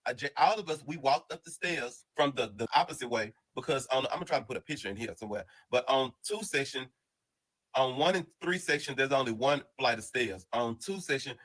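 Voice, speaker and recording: A man telling a casual storytime monologue in an animated, slang-heavy, rambling way full of restarts. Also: mid-range voice, a little fast, poor audio.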